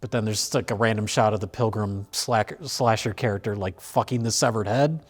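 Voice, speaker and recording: A man's voice: lowish voice, a little fast. A man hosting a film review show, chatting casually with fillers and restarts. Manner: rambling, many fillers and restarts, laughs easily.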